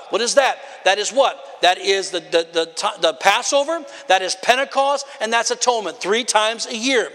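A man delivers a fiery sermon in a strikingly high, bright voice, shouting out his points and calling for answers from the pews. His words echo with a long tail through a large church hall. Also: animated, normal speed, few pauses. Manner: emphatic, often shouting, calls on the congregation. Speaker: preacher.

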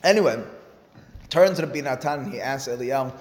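A man teaches a Talmud class in a classroom with a long, ringing reverb. His delivery is animated: he jumps from loud exclamations to quiet, offhand asides. His voice sits at an ordinary middle pitch. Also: a little fast. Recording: echoey room with long reverb.

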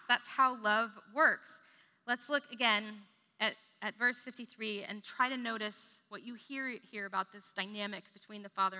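Woman, preacher, sermon, earnest, fairly high voice, long hall reverb. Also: bright, forceful tone. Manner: earnest, with repeated phrases and questions to the audience.

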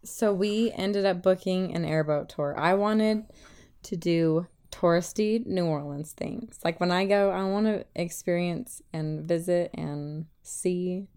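Female podcast co-host, warm and fairly low, enthusiastic interjector. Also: slow, smooth. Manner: gushing, chimes in with short remarks. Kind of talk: casual chat.

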